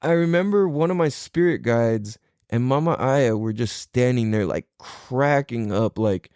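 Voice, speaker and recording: A man's voice: medium pitch, unhurried, a little mellow, smooth, no room sound, clean studio sound. A man hosting a podcast, retelling an experience in a casual, profane monologue and laughing often. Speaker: podcast host.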